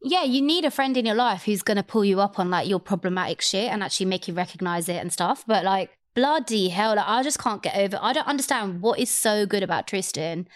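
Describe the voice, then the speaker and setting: A woman's voice: mid-range voice, animated, fairly quick, few pauses, no echo, clean studio sound. A young woman, co-hosting a casual chat and acting out quotes with exaggerated voices. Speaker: podcast co-host.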